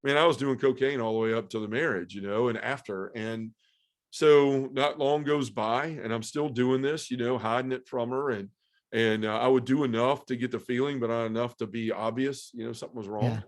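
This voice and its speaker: A man sharing an emotional personal testimony as a podcast guest, earnest and halting, with many fillers. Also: medium pitch, fairly even intonation. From Memphis area, US South.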